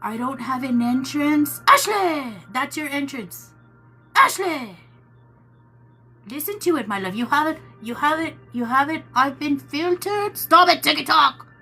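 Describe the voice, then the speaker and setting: High bright-voiced woman chatting live. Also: normal speed, few pauses, soft background music. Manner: chatty and teasing, talks to viewers as "my love". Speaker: tarot reader hosting a live stream. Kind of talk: casual live-stream chat, answering viewers.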